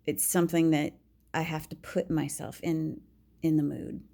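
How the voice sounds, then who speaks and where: A woman talking frankly and confidingly about herself in a personal monologue, with halting restarts and dropping to a whisper when she quotes herself. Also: deep voice, flat delivery, gravelly, warm tone. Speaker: vlogger.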